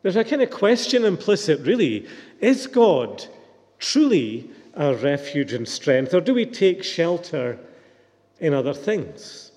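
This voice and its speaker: A man's voice: on the high side, very animated, measured pace, a little mellow, big-room sound. A man preaching a sermon in a reflective, questioning manner.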